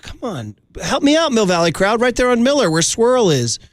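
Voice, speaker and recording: A man's voice: very high-pitched, very animated, moderate pace, dry recording, clean studio sound. A middle-aged man hosting sports radio, chatty and telling stories with easy laughter. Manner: chatty, storytelling, laughs easily. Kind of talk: casual sports radio banter.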